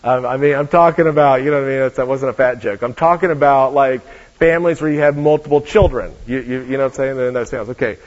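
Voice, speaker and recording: A man's voice: mid-range voice, quick pace. A man preaching a sermon as a guest preacher, telling stories with joking asides. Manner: lively storytelling with joking asides. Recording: dull lo-fi recording.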